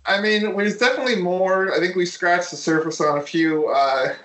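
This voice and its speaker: A man's voice: high voice, steady tone, normal speed, a bit bright. A man chatting casually and telling stories with jokes, as the host of a talk show. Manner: joking, storytelling, puts on voices in quotes. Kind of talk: casual chat. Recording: roomy echo.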